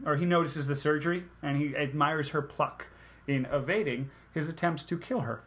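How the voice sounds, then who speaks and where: A man's voice: fairly high pitch, animated, pushed and bright. Wry man riffing on a movie. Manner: sarcastic, acts out lines from the film in quick put-on voices. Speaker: podcast co-host. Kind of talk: casual movie review chat.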